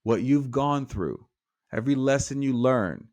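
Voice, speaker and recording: A man, a life coach guest on a podcast, telling a parable with lively acted-out dialogue. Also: mid-range voice, measured pace. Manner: animated storyteller acting out dialogue. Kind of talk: storytelling in conversation.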